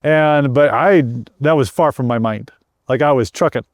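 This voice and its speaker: A man's voice: mid-range voice, normal speed, dry recording, studio quality. A middle-aged man earnestly telling a personal story as an interview guest, often repeating words and restarting his sentences. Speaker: guest sharing a personal testimony.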